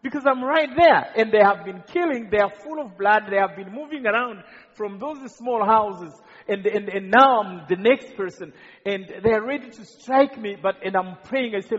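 A high, husky male voice from Rwanda preaches his testimony earnestly, tripping over repeated words. It is captured in a big church hall with a long, ringing reverb and a muffled, dull sound. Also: moderate pace, fairly bright tone. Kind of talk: sermon testimony to a congregation.

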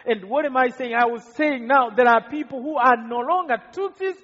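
A man preaching a testimony sermon, impassioned and building to near shouts at its peaks. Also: extremely high pitch, normal speed. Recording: muffled audio with long hall reverb.

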